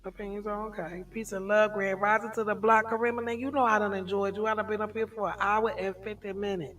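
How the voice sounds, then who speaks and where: A middle-aged woman hosting a casual livestream chat, telling stories in an animated way and laughing often. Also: medium pitch, quick pace, far from the mic. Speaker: livestream host.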